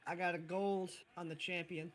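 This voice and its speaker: A man's voice: sits high, flat delivery, moderate pace, crowd noise. A man playing a tabletop game, making wry asides in casual chat. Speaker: player.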